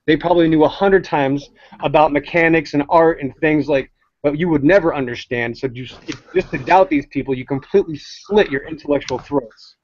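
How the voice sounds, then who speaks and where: A man's voice: on the high side, a little hiss or hum. Ranting man with a dull lo-fi sound. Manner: ranting, blunt and heated. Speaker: co-host. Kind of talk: casual opinionated chat.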